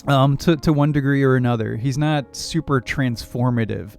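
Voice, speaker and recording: Smooth-voiced man leading a film podcast. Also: medium pitch, darkish tone, faint music behind. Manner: measured, laughs and leads the discussion. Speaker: podcast co-host. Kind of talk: casual film discussion.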